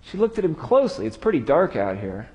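Storytelling preacher in a long-echoing hall. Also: male voice, on the high side, huge pitch swings, brisk. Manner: storytelling, dramatic drops to quiet. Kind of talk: sermon.

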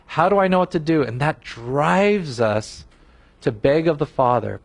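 A man's voice: a little high, expressive, a little slow, gravelly, breathy edge. Earnest male preacher. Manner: earnest, emphatic preaching with frequent restarts. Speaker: pastor. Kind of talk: sermon.

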